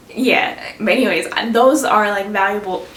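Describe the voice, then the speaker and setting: A woman's voice: medium pitch, fairly bright tone. Earnest woman vlogging in a roomy space. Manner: earnest, encouraging, chatty with fillers. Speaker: YouTuber. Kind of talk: casual vlog talk. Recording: roomy, slightly distant with faint noise.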